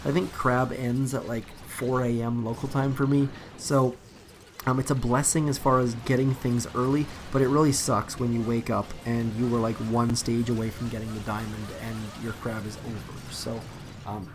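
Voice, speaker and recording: A young man rambles through a game live stream in a loose, easygoing way, full of ums and restarts. His voice has a gravelly edge, and a clear layer of noise sits under the recording. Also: medium pitch, moderate pace. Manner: rambling, relaxed, many fillers and restarts. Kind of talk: casual live-stream commentary while playing.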